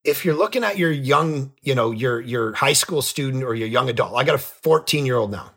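A middle-aged man, a pastor and author, telling a story as a podcast guest, lively and jumping in pitch when he acts out scenes. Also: fairly quick, breathy edge. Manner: animated, jumps pitch when acting out scenes. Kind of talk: casual storytelling in an interview.

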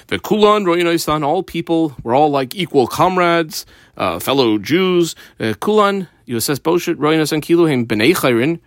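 A man at an ordinary middle pitch teaches a Talmud page step by step, reading each phrase aloud before explaining it. He sounds methodical and patient. The recording is dry and close, with no room sound. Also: no echo. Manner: methodical, reads Hebrew and Aramaic then translates. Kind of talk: explaining a text with a page guide.

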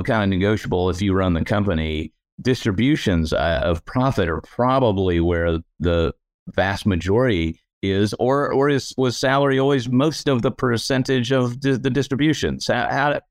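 A male podcast host with a fairly low voice reacts to his guest and digs into the business side of the story with follow-up questions. The sound is dry and close-miked. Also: no echo. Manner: curious, affirming, asks follow-ups. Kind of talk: conversational interview.

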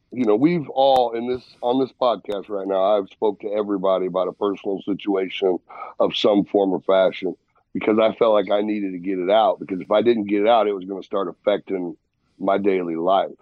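Low frank dude on a podcast, says bro a lot, kinda muffled dry mic. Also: male voice, a little fast, no room sound. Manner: frank, calls others bro. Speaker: podcast co-host. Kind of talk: casual chat.

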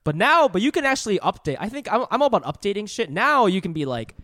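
A man co-hosting a comedy podcast, chatting in an animated way and laughing easily. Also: high-pitched, quick pace. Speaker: podcast co-host. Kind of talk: casual comedy podcast banter and ad reads.

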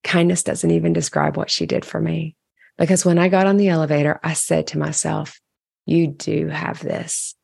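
Brief: a deep woman's voice with some fry, reading her own diary entry candidly, dry close sound. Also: fairly even intonation, fairly quick, darkish tone, no echo. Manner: candid, reflective storytelling. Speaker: caregiver sharing a diary entry. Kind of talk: personal diary narration.

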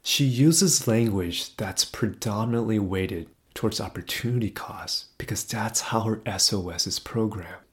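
A middle-aged man tells a personal story in a relaxed, conversational way. His voice sits on the low side, and he turns animated, then drops almost to a whisper at the tense moments. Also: unhurried, few pauses. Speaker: speaker telling a personal story. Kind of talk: casual storytelling.

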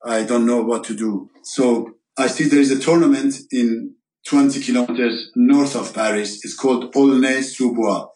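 A man's voice: mid-range voice, steady tone, a little mellow. Roomy-sounding man. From Iran. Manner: halting, searching for words, many fillers and restarts. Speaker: guest. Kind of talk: storytelling interview. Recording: roomy echo.

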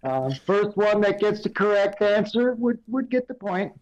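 Here the same kind of voice comes through dull audio: an older man, high and somewhat dark in tone, speaking at a moderate pace. As the recurring guest segment host on a laid-back podcast held over video call, he wanders through stories and quiz questions, filling gaps with ums and similar fillers.

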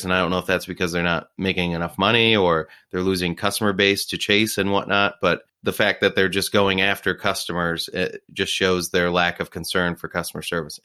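A man's voice: sits low, pushed and bright, clear, resonant tone. A man co-hosting a podcast, chatting casually and giving his opinions. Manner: conversational, opinionated. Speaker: podcast co-host. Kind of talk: casual chat.

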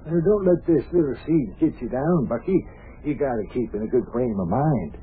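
An actor playing a folksy, hearty small-town mayor who gives cheerful pep talks, on an old radio show. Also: male voice, mid-range voice, lively intonation, normal speed, husky. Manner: folksy, hearty, calls people buster and lad. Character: folksy older male mayor, cheerfully bossy. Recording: tinny old radio broadcast with faint hiss.

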